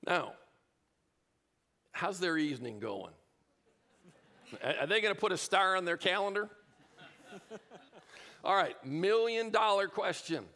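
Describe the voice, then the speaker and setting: Man, motivational speaker, animated delivery, gravelly edge, rhetorical questions, large room, handheld mic. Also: sits high, takes it slowly, long pauses. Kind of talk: motivational talk to a live audience. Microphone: handheld microphone.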